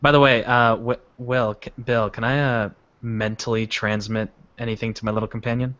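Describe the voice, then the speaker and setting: A man's voice: mid-range voice, level tone, fairly quick, fairly bright tone, no echo. A man playing in a casual tabletop role-play, talking hesitantly with frequent restarts. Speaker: player. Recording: dull lo-fi recording.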